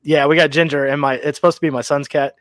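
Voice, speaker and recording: A man's voice: on the high side, level tone, fast, fairly bright tone, no echo. A man in casual chat, easygoing and laughing often, with hesitant restarts.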